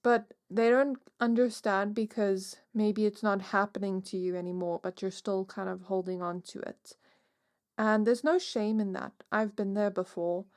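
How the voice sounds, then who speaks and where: A woman's voice: medium pitch, steady tone, normal speed, darkish tone, no room sound, studio quality. A woman giving a casual pick-a-card tarot reading, musing aloud with many fillers. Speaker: tarot reader.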